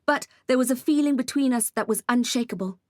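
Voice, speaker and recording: A woman reads a first-person audiobook with intense, emotional delivery. Her voice sits a little high, and the recording is close and dry, with no room echo at all. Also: brisk. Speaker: audiobook narrator.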